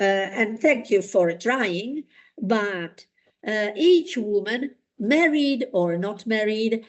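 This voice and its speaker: A woman teaching a language class at an unhurried pace. She explains patiently and pauses often on fillers. Her voice sits at an ordinary middle pitch. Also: highs cut off. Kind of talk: classroom lesson.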